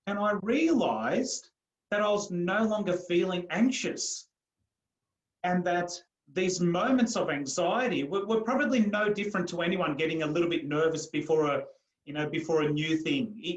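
A man's voice: high voice, reverberant, poor audio. A man telling his personal story as a guest in an interview. He now works as a coach and mentor, and he talks earnestly and with emphasis, often repeating words.

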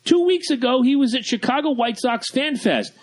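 Brash, crude middle-aged male podcast co-host with a high-pitched voice. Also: lively intonation, normal speed. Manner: brash, profane, mocking. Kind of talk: casual podcast banter.

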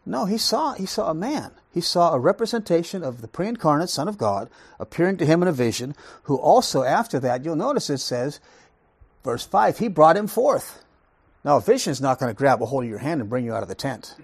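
A man's voice: mid-range voice, very animated, brisk, slightly rough, dry recording. A man leading a Bible study lesson, talking emphatically, asking rhetorical questions and repeating words for stress. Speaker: Bible teacher.

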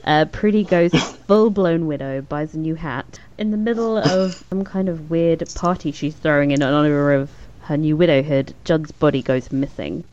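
A woman's voice: deep voice, normal speed, few pauses, darkish tone. A woman co-hosting a podcast, recapping an episode in casual chat, laughing often and acting out characters' lines. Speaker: podcast co-host. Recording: dull lo-fi sound with faint noise.

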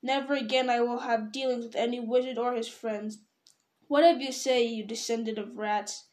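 Woman doing angry proud dwarf king, shouty, kinda high. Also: steady tone, moderate pace, roomy sound, close to an everyday voice. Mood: furious. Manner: loud, angry outbursts.

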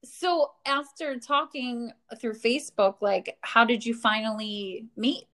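A woman co-hosting a podcast, asking questions and reacting warmly in casual chat. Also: a little high, fairly even intonation, takes it slowly. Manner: warm and encouraging, reacting with laughs. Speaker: podcast co-host.

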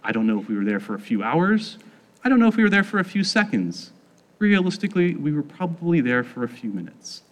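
A man's voice: fairly high pitch, big pitch swings, fairly quick. Man telling a personal story, lots of "like". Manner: casual, heavy use of "like", acts out quoted voices. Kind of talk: personal testimony.

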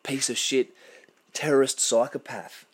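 Husky and steady at a medium pitch, an Australian man's voice carries unscripted commentary that is blunt and fervent. He keeps stopping mid-thought and starting his sentences over.

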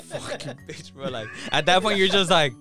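Animated young man ranting casually. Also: sits high, normal speed, music in the background. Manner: animated, swears constantly, says bro a lot. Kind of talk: casual profane rant among friends.

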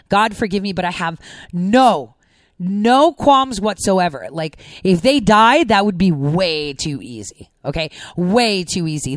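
A woman's voice: mid-range voice, dry recording. A woman giving an emotional, outraged monologue as a commentator, close to tears. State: near tears. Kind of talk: impassioned monologue.

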